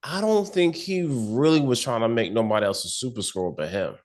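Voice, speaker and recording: A man co-hosting a casual podcast episode review, relaxed and slangy, thinking aloud with lots of fillers. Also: mid-range voice, a little fast. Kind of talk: casual chat.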